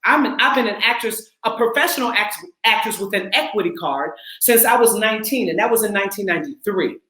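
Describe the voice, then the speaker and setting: A woman in her forties from the Twin Cities, an actress and acting coach, talking casually and emphatically, sometimes laughing and rising into shouts. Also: mid-range voice, expressive, a little fast, reverberant, poor audio. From Twin Cities, Minnesota. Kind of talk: casual heartfelt talk.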